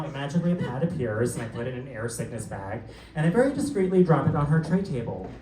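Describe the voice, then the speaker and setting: A man's voice: on the high side, very animated, background noise. Sassy gay man doing stand-up. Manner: camp, sassy storytelling with quick asides. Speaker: stand-up comedian. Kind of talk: live stand-up set. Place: theater stage before a laughing crowd. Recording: roomy live theater sound, mic distant, crowd audible.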